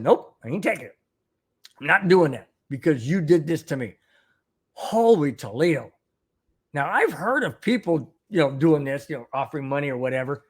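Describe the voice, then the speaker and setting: Animated older sports podcast host. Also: mid-range voice, breathy edge. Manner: indignant, exclamatory, repeats phrases for emphasis. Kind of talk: opinionated sports commentary, reading news aloud.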